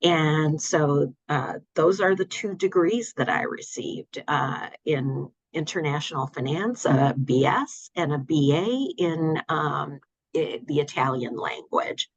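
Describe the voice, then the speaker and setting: An older woman talking in a relaxed interview, hesitant with many fillers and restarts, over a dull audio line. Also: low voice, slow pace, no room sound. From United States. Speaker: guest. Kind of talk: casual interview.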